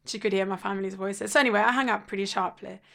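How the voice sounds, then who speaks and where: Woman, mid-pitch, candid and animated storyteller with dry humour, casual podcast chat. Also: racing, vocal fry. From Italy. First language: Italian. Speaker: podcast guest sharing a personal story.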